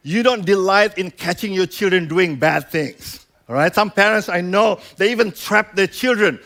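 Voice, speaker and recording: Male pastor, high-pitched, chatty sermon delivery with acted-out quotes. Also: normal speed, gravelly, fairly bright tone. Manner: conversational preaching with frequent "right?" and "you know"; acts out quoted voices.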